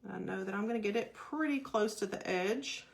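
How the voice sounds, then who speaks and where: A woman's voice: medium pitch, fairly quick, gravelly. Gushing woman crafting live. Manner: gushing, chatty, greets viewers by name. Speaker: craft host. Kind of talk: live-stream craft demonstration.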